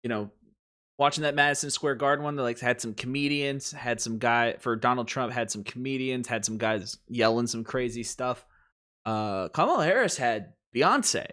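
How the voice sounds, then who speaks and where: A man's voice: mid-range voice, normal speed, sharp tone. A man hosting casual wrestling commentary, rambling, chuckling, and often cutting himself off mid-thought. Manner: rambling, chuckling, self-interrupting.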